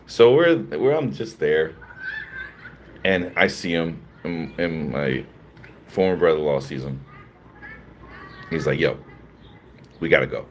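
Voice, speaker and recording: Laughing, animated Philly man telling a story. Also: rumbling low, measured pace, long pauses, slight background noise. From Philadelphia. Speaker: streamer. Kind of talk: casual storytelling to live chat.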